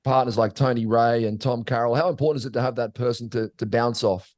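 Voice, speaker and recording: A man's voice: medium pitch, fairly even intonation, fast talker, darkish tone, no echo, studio quality. A male podcast host asking a guest a question in an easygoing way. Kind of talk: interview question.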